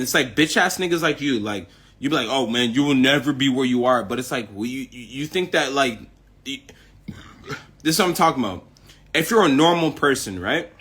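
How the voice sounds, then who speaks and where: A man's voice: mid-range voice, a bit bright, slightly rough. A young man from the United States, a rapper, in a boastful, profane, confrontational ranting monologue.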